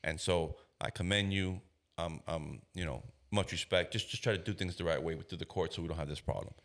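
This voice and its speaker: On a podcast, a man in his thirties who works as a police officer recounts a story at a fairly quick clip, his voice sitting low. He leans on casual slang and brings the story's people to life by acting out their voices.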